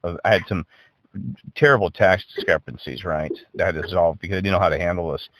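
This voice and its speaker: A middle-aged man telling a long story in casual chat, animated and profane, acting out both sides of a phone call. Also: low-pitched, fast, dry recording. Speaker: podcast co-host.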